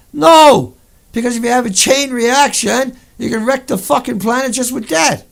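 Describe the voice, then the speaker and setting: Furious, high, gravelly man ranting. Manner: furious, profane ranting with sudden outbursts. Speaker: video host. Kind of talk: angry monologue over pictures.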